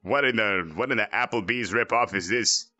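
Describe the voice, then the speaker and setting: A man doing a cocky, bright-voiced villain. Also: fairly low pitch, moderate pace, no room sound, faint music behind. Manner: boastful, crude, joking. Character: cocky arrogant male android villain, gamer. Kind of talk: fan parody voice acting.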